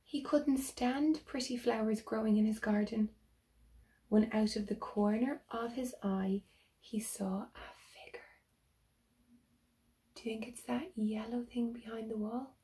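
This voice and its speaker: A woman teacher reading a picture book aloud to children, slowly and gently, and stopping to ask them questions. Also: on the high side, fairly even intonation.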